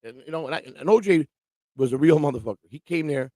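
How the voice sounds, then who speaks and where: A man's voice: fairly high pitch, lively intonation, quick pace, dark tone, no room sound. A man hosting a morning livestream, ranting casually with lots of swearing and mocking quotes of other people. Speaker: livestream show host. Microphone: livestream microphone.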